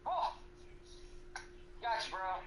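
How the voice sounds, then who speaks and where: A tired young man who just woke up, co-hosting a casual gaming podcast, halting and swearing casually. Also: fairly bright tone. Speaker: podcast co-host. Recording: echoey room with faint noise.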